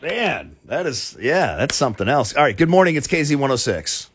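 A man's voice: mid-range voice, big pitch swings, fast talker, slightly rough. A man from Florida hosting a morning radio show, chatting with callers in a joking, teasing way. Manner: joking, teasing, laughs easily. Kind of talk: casual radio talk with callers.

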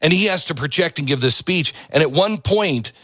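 A man hosting a talk show, animated as he tells a story and quick to agree with his guest. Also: on the high side, no room sound. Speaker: radio talk host. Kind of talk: casual interview chat.

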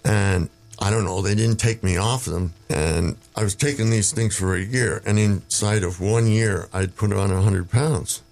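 A man's voice: fairly low pitch, unhurried, vocal fry, a little mellow. An older man, telling rambling stories as an interview guest, with chuckles and restarts. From Canada. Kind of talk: casual storytelling interview.

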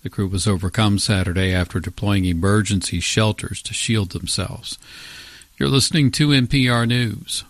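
A man reading a radio news bulletin in a steady, formal way. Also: lowish voice, normal speed, dry recording. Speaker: newsreader. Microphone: studio mic.

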